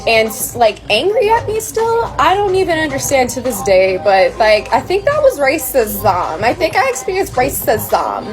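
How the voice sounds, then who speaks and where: Brief: woman, high voice, chatty and animated storyteller, clear music bed behind her. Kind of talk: casual storytime.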